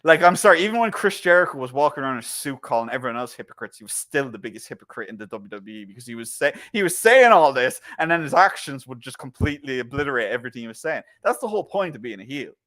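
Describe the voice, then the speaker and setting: A man's voice: mid-range voice, fast talker, hardly any pauses. An Irish man chatting casually as a guest wrestling pundit, going off on tangents and swearing freely. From Ireland. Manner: animated, swearing, restarts and tangents. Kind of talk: casual podcast chat.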